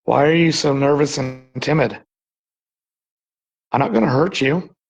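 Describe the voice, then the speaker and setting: A man from Texas on a live-streamed ghost hunt, talking softly and reassuringly to an unseen presence in an old building. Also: a little high, a little slow, vocal fry, husky, muffled recording. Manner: soft, coaxing, reassuring. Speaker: paranormal investigator. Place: old saloon building at night.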